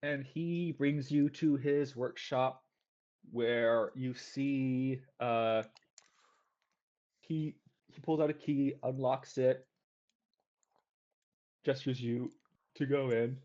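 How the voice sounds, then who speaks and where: A man's voice: medium pitch, fairly even intonation, very slow, long pauses, darkish tone. A man narrating as game master in a tabletop game, casual and full of fillers. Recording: dull lo-fi audio.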